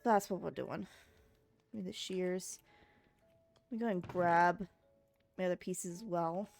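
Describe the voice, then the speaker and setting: A woman's voice: fairly low pitch, fairly even intonation, unhurried, gravelly, a little mellow, soft background music. A woman streaming a game in a casual, rambling way, sounding sleepy after just waking up and chatting with her viewers.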